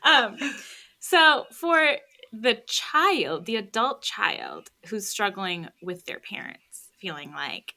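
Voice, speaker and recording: A woman's voice: mid-range voice, expressive, takes it slowly, gravelly, pushed and bright. Chatty woman podcast host. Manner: chatty, hedging with "like". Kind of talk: casual podcast interview.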